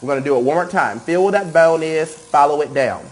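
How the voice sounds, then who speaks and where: Upbeat makeup artist, male, slightly high voice, keeps saying okay. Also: animated, a little fast, low-quality recording. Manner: enthusiastic, repeats cues and says okay often. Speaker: makeup artist demonstrating airbrush. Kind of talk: live tutorial demonstration.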